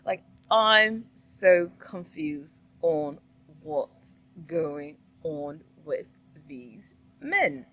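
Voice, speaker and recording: Middle-aged woman, slow unhurried delivery, lowish voice, opinionated commentary, rhetorical questions. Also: lively intonation, fairly bright tone, low-quality recording. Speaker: commentary vlogger. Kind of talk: casual reaction commentary.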